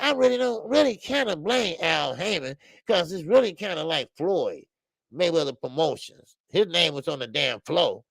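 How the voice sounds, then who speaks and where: A man's voice: fairly high pitch, vocal fry, no echo. Heated male boxing show host. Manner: heated, animated, repetitive fillers. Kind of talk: casual opinionated commentary.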